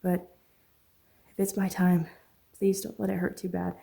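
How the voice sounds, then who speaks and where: A woman's voice: lowish voice, monotone, measured pace, vocal fry, mellow. A woman reading a frightened, injured young woman in an audiobook, praying desperately and speaking weakly. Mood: desperate prayer. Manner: desperate praying, weak and shaky. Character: injured young woman in water, fearful and prayerful.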